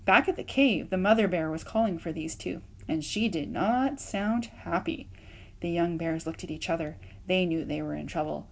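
A woman reading a children's novel aloud, with expressive, lively narration and voiced sound effects. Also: lowish voice, moderate pace. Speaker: audiobook reader. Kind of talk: storybook read-aloud.

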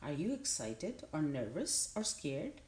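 Woman voicing a young gosling, eager and higher. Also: big pitch swings, a little slow, a little mellow. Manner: eager, affectionate. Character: young male gosling, earnest and tender. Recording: roomy echo.

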